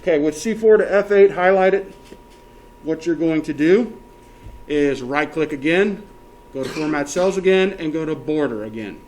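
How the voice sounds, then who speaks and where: A male teacher giving a classroom software lesson step by step, often checking that everyone is following and counting options aloud. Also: a little high, lively intonation, moderate pace.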